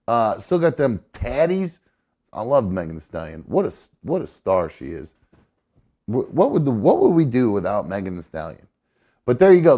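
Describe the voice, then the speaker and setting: A man's voice: medium pitch, darkish tone. A man hosting a live talk show, chatting casually in a loose, rambling way and swearing freely. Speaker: podcast host. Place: studio.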